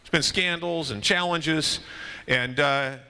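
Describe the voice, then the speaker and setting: A man speaking at a men's conference, telling a story in a dramatic, animated way that builds to loud cries, then speaking directly to the audience. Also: a little high, takes it slowly, smooth. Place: conference hall.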